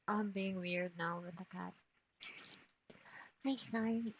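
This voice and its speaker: A woman's voice: mid-range voice, fairly even intonation, a little slow, long pauses, a little hiss or hum. A woman streaming live, chatting to her cat in a giggly, baby-talking way. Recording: dull lo-fi stream audio.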